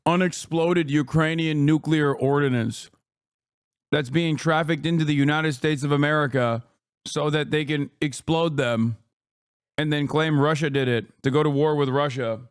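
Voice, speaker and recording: A man's voice: on the high side, steady tone, normal speed, smooth. Combative sarcastic male streamer. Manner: sarcastic, combative, swears often. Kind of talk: profane streaming commentary.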